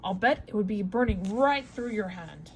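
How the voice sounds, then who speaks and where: A woman reading a storybook aloud, voicing a calm, commanding male ship captain in a measured, assured way. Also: medium pitch, slight background noise, lightly acted.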